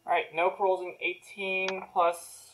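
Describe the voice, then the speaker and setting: A woman narrating as game master of a tabletop game, giving brisk, matter-of-fact rulings. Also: fairly low pitch, little pitch movement, fairly bright tone, rough recording.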